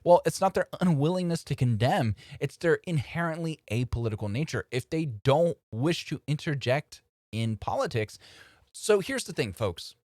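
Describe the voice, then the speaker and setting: Animated man giving casual commentary. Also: a little high, normal speed, dry recording, clean studio sound. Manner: animated and conversational, addressing viewers as folks. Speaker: host of a political commentary channel.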